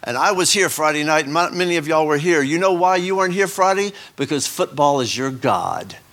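A man's voice: fairly high pitch, lively intonation, a little fast, fairly bright tone. A man voicing a blunt old male missionary preacher who scolds his congregation. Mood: scolding.

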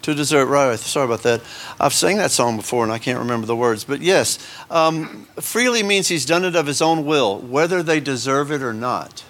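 A man's voice: mid-range voice, animated, moderate pace, a bit bright. A man preaching a sermon to his congregation in a loose, conversational way, breaking off into asides and tagging points with "right?". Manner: conversational, self-interrupting, asides and rhetorical "right?". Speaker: pastor.

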